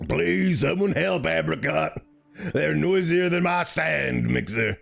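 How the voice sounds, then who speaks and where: A man's voice: a little high, takes it slowly, creaky, a bit bright, soft background music, pitched above the performer's own voice, heavily acted. A man voicing an anxious game villager in a raised, strained voice. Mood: worried. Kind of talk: voicing game characters on a live stream.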